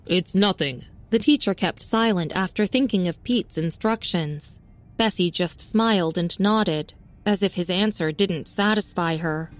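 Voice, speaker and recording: A woman reading a serialized story as narrator, with a steady, even storytelling manner. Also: lowish voice, unhurried. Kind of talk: scripted audiobook narration. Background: faint music.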